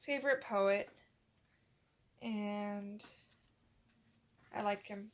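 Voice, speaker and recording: A young woman co-hosting a casual podcast, telling a rambling story and acting out quotes in a relaxed chat with her partner. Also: mid-range voice, very slow. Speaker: podcast co-host.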